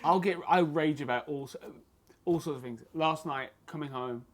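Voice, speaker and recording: A man, a fight photographer talking as a podcast guest in a blunt, lively, profane storytelling manner. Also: on the high side, moderate pace. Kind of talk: casual podcast chat. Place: martial arts gym.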